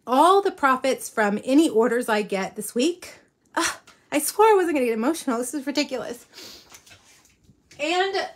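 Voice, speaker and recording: A woman hosting a weekly live crafting show, chatting casually and rambling with many ums and restarts. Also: fairly high pitch. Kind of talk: casual live-stream chat. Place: home in South Texas.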